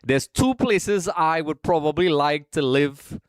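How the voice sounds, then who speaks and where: A man chats casually as the host of a live stream, greeting viewers by name and calling them folks. His voice sits fairly high for a man. The sound is dry, with no room echo. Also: animated, unhurried, clean tone. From Trinidad. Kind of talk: casual live watch-along chat.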